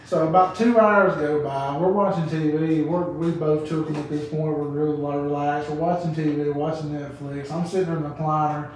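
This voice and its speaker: A man's voice: steady tone, a little fast, hardly any pauses. A man, telling stories in a rambling, casual way as a podcast guest. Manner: rambling, laughing, acts out quotes in a high voice. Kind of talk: casual storytelling chat. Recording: roomy echo, mic at a distance, faint room noise.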